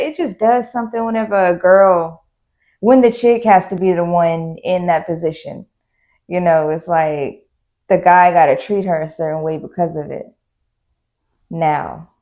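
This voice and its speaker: A woman's voice: fairly low pitch, warm tone. A woman co-hosting a reaction show who chimes in with agreement and her own opinions in casual chat. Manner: chimes in with short agreements, then gives her own take.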